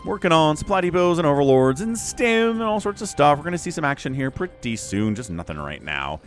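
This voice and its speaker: A man's voice: on the high side, big pitch swings, brisk, faint music behind. A man giving casual solo commentary on a strategy game match, chatty and speaking to his viewers. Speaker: StarCraft shoutcaster.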